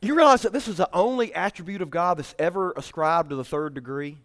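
Male pastor, high-pitched, emphatic teaching sermon. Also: fast, fairly bright tone. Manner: emphatic, explanatory preaching.

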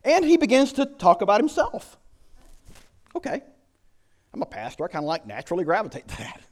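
A man's voice: high-pitched, brisk, long pauses. A man preaching a sermon as a pastor, telling stories with lots of rhetorical questions. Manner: animated storytelling with rhetorical questions.

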